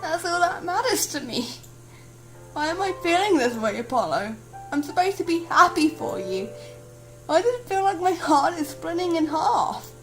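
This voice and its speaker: A woman voicing a bubbly but deeply depressed teenage girl in a game, with a high, wobbly, tearful voice. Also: lively intonation, moderate pace, soft background music, rough recording. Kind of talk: dramatic let's-play voice acting.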